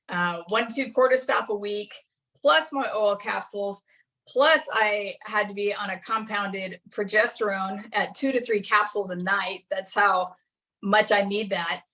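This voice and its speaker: A woman's voice: on the high side, pushed and bright. A middle-aged woman giving a casual class talk, chatty and anecdotal, often laughing as she tells her own story. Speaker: class presenter.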